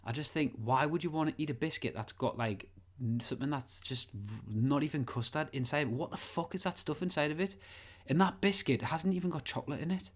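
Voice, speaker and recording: Rambling, sweary podcaster. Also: male voice, on the high side, a little fast. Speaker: podcast co-host. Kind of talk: crude casual banter.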